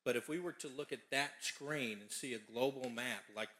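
A man from Hawaii stands up in the audience to ask a question, chatty and friendly as he sets it up. His voice is bright and forward, at a middling pitch for a man. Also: moderate pace. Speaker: audience member asking a question.

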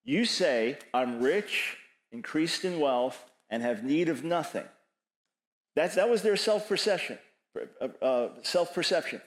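Emphatic preacher. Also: male voice, fairly high pitch, expressive, a little slow, echoey room, poor audio. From New York. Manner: emphatic, repeats phrases, quotes scripture. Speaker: speaker answering audience questions.

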